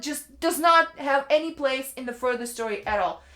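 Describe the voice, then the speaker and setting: A woman's voice: high-pitched, normal speed, fairly bright tone, reverberant. A woman giving a casual, ranting book review, chatty and exasperated, leaning on "like" a lot. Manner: exasperated, chatty, fills speech with "like".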